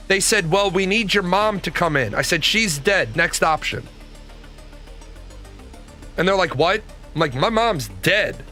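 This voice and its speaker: Profane ranting man, high bright voice. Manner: profane, exasperated storytelling. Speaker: host. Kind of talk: ranting personal story.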